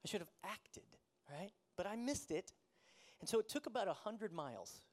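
A man with a notably high voice preaching a sermon. He tells a personal story in a relaxed, conversational way and often laughs at himself. He sounds like a pastor in his forties. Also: moderate pace, a little hiss or hum.

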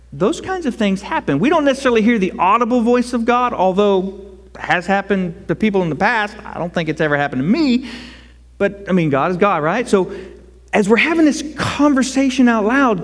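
A man preaching a sermon as pastor, conversational and animated, rising to loud cries. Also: high voice. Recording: long hall reverb.

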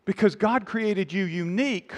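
A man with a high voice preaching earnestly from the pulpit. He hammers his points home with repeated phrases and quick restarts, sometimes dropping low and soft. His voice rings out with a long hall reverb behind it. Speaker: pastor. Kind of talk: sermon.

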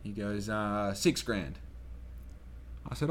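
Young australian man, fairly low voice, casual podcast storytelling, swears a lot. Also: a little fast. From Western Australia. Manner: swears freely, acts out quoted people, gets loud when excited. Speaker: podcast host.

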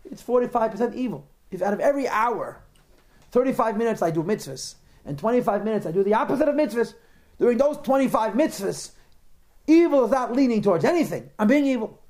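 A man's voice: extremely high pitch, darkish tone. A man teaching a class on a religious text, posing rhetorical questions to his students and answering their remarks. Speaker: Torah teacher.

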